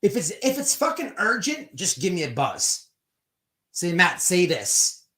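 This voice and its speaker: Guy running a stream, kinda high voice, swears a lot, rambles on and on. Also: wildly swooping pitch, a bit bright. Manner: profane, rambling, quick to act out quotes. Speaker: streaming commentary host. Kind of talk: casual live-stream commentary.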